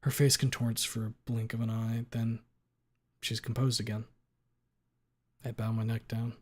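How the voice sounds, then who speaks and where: A man reading a story aloud on a live stream, steady in delivery, with playful asides when he slips. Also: medium pitch, measured pace.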